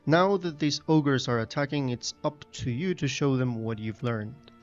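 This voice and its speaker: A man's voice: medium pitch, moderate pace, lo-fi sound, soft background music, close to an everyday voice. A man voicing a pompous retired male militia captain in a video game, with formal, lofty speech.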